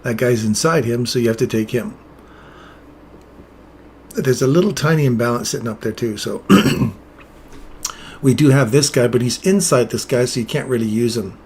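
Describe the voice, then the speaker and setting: A man talking through live trades in a loose, chatty way, mid-pitched, greeting viewers in the chat between explanations. A faint hum of room ambience sits under his voice. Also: moderate pace, pauses often, a little mellow. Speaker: trading streamer. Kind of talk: live trading commentary.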